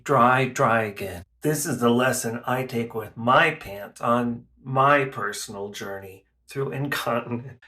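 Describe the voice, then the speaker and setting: A man in his forties delivering a rambling, deadpan absurdist comedy monologue. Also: medium pitch. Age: 40s.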